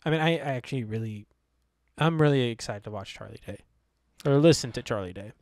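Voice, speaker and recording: A man's voice: medium pitch, animated, a little fast, a little mellow, no room sound, studio quality. A man co-hosting a movie review podcast, talking casually and a bit hesitantly. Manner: hesitant, lots of fillers and restarts. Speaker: podcast co-host.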